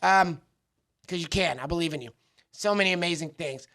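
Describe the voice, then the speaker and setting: A man's voice: fairly high pitch, fairly quick, pushed and bright. A man co-hosting a martial arts podcast, chatting casually and riffing with jokes and teasing. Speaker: podcast co-host. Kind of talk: casual chat.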